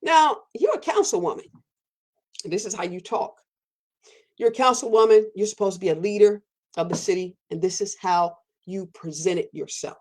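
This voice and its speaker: A woman giving an emphatic personal monologue as a podcast host, repeating phrases for weight and jumping sharply up in pitch when stirred. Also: moderate pace, mellow. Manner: fiery, repetitive, preacherly emphasis with sudden pitch jumps.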